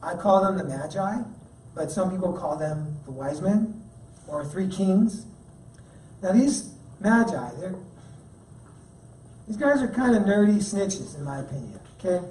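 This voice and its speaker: A man's voice: high-pitched, animated, a little slow, long pauses, mellow, a little hiss or hum. A man giving a sermon as guest speaker at a church, talking in a casual, joking way. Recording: echoey room, mic at a distance.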